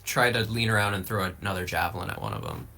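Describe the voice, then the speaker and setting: Bright-voiced man playing a tabletop game. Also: sits low, fast talker, gravelly. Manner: eager, laughs easily. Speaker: player.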